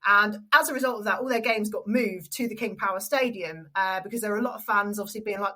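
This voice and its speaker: A young adult woman with an English accent, a stadium announcer and radio presenter telling an animated story in an interview. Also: mid-range voice, fast, few pauses, low-quality recording. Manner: animated storyteller, acts out quoted voices.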